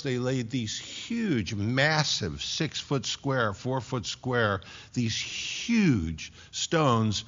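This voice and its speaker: A man's voice: medium pitch, a bit bright. A man preaching an expository sermon in a church, emphatic with folksy asides. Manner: emphatic, folksy asides between scripture readings. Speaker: pastor. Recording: dull lo-fi recording.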